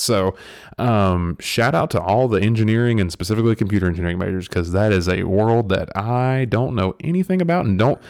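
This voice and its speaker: A man's voice: fairly low pitch, expressive, fast talker, darkish tone, dry recording, studio quality. A young man, the podcast host, telling stories in a rambling, casual way, full of fillers and restarts. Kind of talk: casual storytelling chat.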